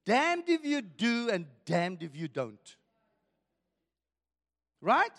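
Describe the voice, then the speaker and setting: A male pastor preaching a sermon, emphatic and full of rhetorical questions, swinging from loud declarations to hushed asides. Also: high voice, sing-song, extremely slow, in a large hall.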